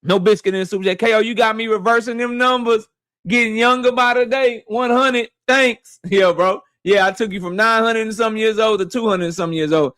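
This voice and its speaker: A man hosting a boxing livestream, shouting out viewers by name in loose, slangy casual talk. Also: high voice, fairly quick, no room sound.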